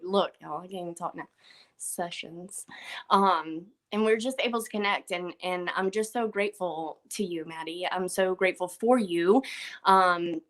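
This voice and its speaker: A woman's voice: medium pitch, a bit bright. Young adult woman, guest speaker, earnest and choked-up delivery. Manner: earnest, repeats words, chokes up. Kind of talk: emotional tribute speech.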